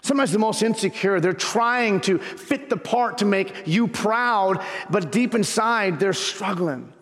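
A man's voice: sits high, animated, measured pace, fairly bright tone, big-room sound. A man preaching a sermon as pastor, telling a personal story earnestly and building to fervent emphasis.

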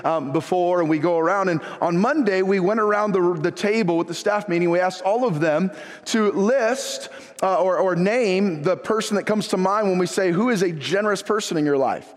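A male pastor with a notably high voice delivers a sermon in a church sanctuary. His tone is conversational and folksy, and he leans on rhetorical questions. The sound rings with the long reverb of a large room. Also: moderate pace.

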